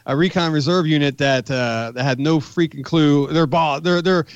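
Dull-sounding veteran telling war stories. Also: male voice, fairly high pitch, normal speed, no room sound. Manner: profane, animated storyteller. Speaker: podcast guest, magazine editor. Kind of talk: casual war storytelling.

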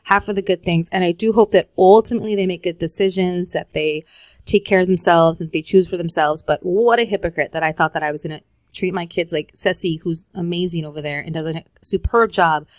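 A woman in her forties, co-hosting a podcast in casual chat, candid and quick to swear, slipping into Spanish phrases. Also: fairly low pitch, fairly even intonation, dry recording, studio quality. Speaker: podcast co-host.

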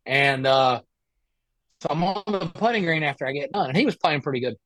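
A man's voice: fairly high pitch, a little fast, dry recording. Man telling a rambling golf story. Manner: animated, rambling anecdote with many restarts. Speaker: guest, professional golfer. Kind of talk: casual storytelling interview.

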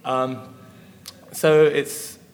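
A man's voice: medium pitch, little pitch movement, drawn-out words. A man, a musician guest, chatting casually in an interview, rambling with lots of fillers. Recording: echoey hall with faint noise.

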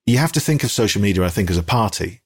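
A man's voice: lowish voice, racing, breathy edge. A British man chatting as a podcast guest, rambling with many ums and restarts and livening up when he acts out little exchanges. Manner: animated when acting out quoted exchanges. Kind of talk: casual conversation.

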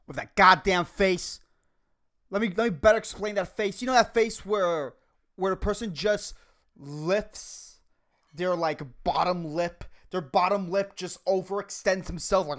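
A woman hosting a solo podcast, ranting sarcastically and swearing freely, and talking fast by her own account. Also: mid-range voice, lively intonation. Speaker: podcast host.

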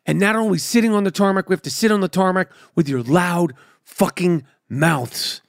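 A man's voice: high-pitched, normal speed, gravelly, no room sound, studio quality. A man hosting a podcast who delivers a profane, exasperated comedic rant with emphatic, swearing rhythms. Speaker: podcast host.

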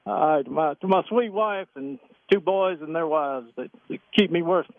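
A man's voice: fairly high pitch, dry recording. Hesitant male caller on a dull line. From Southern US. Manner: halting, hesitant. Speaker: radio caller.

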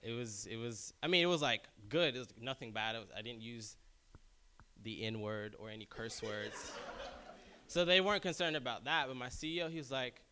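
A man's voice: moderate pace, a little hiss or hum. A young man casually telling a personal story, acting out other people's lines in raised voices and laughing often. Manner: animated, acts out quotes in high voices, laughs often.

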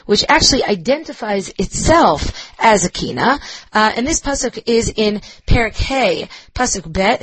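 A woman's voice: on the high side, no room sound, poor audio. Give me a woman teaching a Bible class, dry and close, explaining with plenty of ums. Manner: explanatory, with frequent fillers and checking "right?". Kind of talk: recorded lecture.

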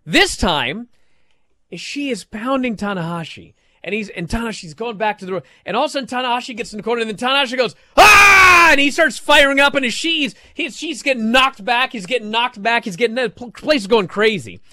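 A man on a podcast, chatting excitedly and acting out moments with shouted yells. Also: very high voice, fast, no room sound. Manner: animated, acts out moves with shouted yells. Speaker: podcast co-host. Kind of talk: excited wrestling podcast chat. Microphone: studio microphone, close.

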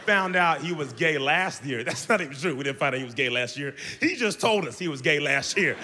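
A man doing an animated stand-up comedy routine with playful crowd work, loud and lively, recorded live on stage. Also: fairly high pitch, a little fast, noisy background. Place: live show venue with audience. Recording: live stage mic, hall echo, crowd laughter.

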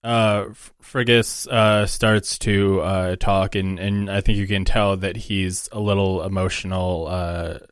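A man narrating his character's actions in a tabletop game, casual and halting with many fillers. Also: sits low, level tone, clean tone, no echo, clean studio sound.

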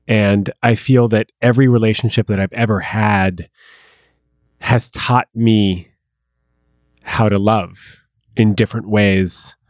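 A man hosting a podcast, talking in a calm, reflective way. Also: fairly low pitch, no echo, clean studio sound. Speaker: podcast host.

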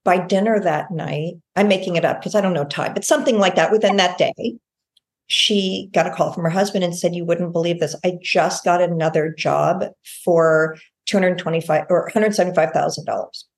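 A woman, a guest healer on a podcast interview, telling a long story in a lively way and acting out what people said. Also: on the low side, fairly quick, vocal fry. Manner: lively storyteller, acts out quoted speech.

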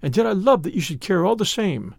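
Man doing young noblewoman, frightened, brave, pleading, lifted pitch, audiobook. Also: sing-song, fairly quick, gravelly, husky, no room sound, studio quality, exaggerated voice. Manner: pleading, emotional.

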